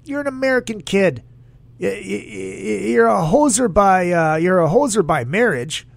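A man's voice: high-pitched, expressive, normal speed, creaky, no room sound. A man hosting a casual solo podcast, rambling in a crude, jokey way and reading listener comments aloud. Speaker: podcast host.

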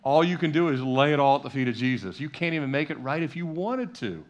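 Preaching a sermon in a church sanctuary, a middle-aged male pastor talks fast in an animated, slightly high voice. His style is conversational, with repetition and quotes he acts out.

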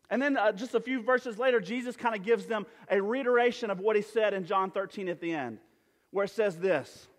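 A man's voice: sits high, fairly quick. A man preaching a sermon as pastor in a church sanctuary, talking conversationally with many fillers and restarts. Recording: church hall with long reverb.

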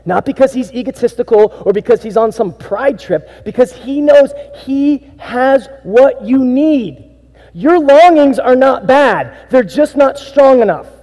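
A male pastor preaching with a high, mellow voice that carries through a church sanctuary with long reverb. He moves from near-hushed lines into emphatic, animated bursts. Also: unhurried. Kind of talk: sermon.

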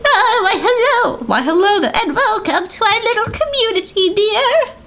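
A woman's voice: extremely high pitch, expressive, normal speed, a bit bright, a little hiss or hum, pitched above the performer's own voice, heavily acted. A woman voicing a sweet, welcoming old granny from a farming game, cooing her greetings.

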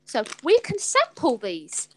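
A woman with a high voice chats her way through a casual live stream from home. She is giggly and chatty and pokes fun at herself as she goes. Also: wildly swooping pitch, takes it slowly, a little mellow, slight background noise. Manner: chatty, giggly, self-mocking. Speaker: host.

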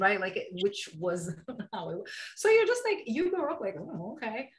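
A woman's voice: fairly high pitch, normal speed, rough recording. A woman, a guest mindset coach in a casual podcast chat who acts out bits of dialogue. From Brazil. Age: 40s. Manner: animated, acts out dialogue in quotes.

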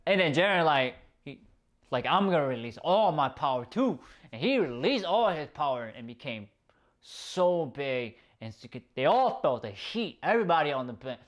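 A man giving a casual, excitable episode review, swearing often and rambling through restarts. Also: a little high, normal speed. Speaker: video reviewer.

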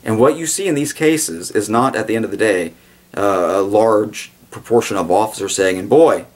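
A man's voice: fairly low pitch, normal speed. A man giving a blunt, digressive video commentary, with sarcastic asides and sudden mock voices for the people he quotes. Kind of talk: casual commentary monologue.

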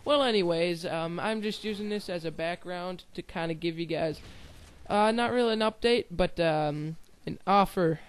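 A man's voice: high voice, normal speed, clear, resonant tone. A young man giving casual gameplay commentary, rambling and giggly with self-deprecating asides. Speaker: gaming channel host.

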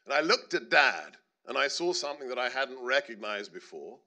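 A man's voice: medium pitch, very animated, moderate pace, pushed and bright. A middle-aged man telling a personal story on stage at a panel, earnest and building to emphatic points. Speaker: panelist speaker.

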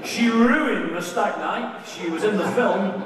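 Man, Liverpool accent, stand-up comic, high voice, echoey room. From Liverpool, England. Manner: punchy one-liners with quick setups. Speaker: stand-up comedian. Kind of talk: stand-up comedy routine. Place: on stage in a venue before a live audience. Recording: echoey room, far mic, crowd noise. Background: audience and room ambience.

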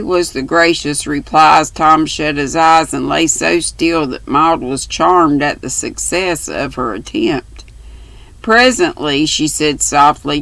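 Older lady reading a storybook aloud, slow and gravelly, dry close sound. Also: deep voice, fairly bright tone, no echo, rough recording. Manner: unhurried, homespun, stumbles and rereads. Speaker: storybook reader. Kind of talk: reading a classic novel aloud.

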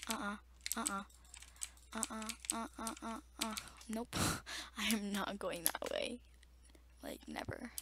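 A young woman giving casual gameplay commentary to viewers, chatty and easily startled, recorded at a desktop mic beside a loud keyboard. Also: medium pitch, a little hiss or hum. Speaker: gamer. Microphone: desktop mic near loud keyboard.

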